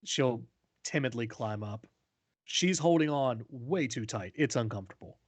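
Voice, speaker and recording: A man running a tabletop game as game master, narrating in a quick, relaxed way. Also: mid-range voice, no echo.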